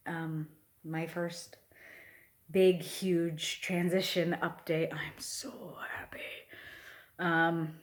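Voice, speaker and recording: Slow, soft-spoken trans man vlogging. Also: high voice. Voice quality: pre-testosterone voice. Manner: slow, halting, with many pauses and fillers; soft, heartfelt. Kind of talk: personal video update.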